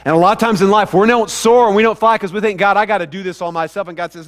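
A man with a high voice preaches a sermon in a church sanctuary and keeps asking the congregation questions. His words trail off into a long hall reverb. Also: fast talker. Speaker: pastor.

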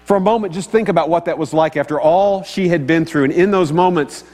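Speaking a little fast in a darkish, higher-leaning voice, a pastor delivers his sermon conversationally and keeps asking the audience questions. A long hall reverb and faint mains hum color the recording.

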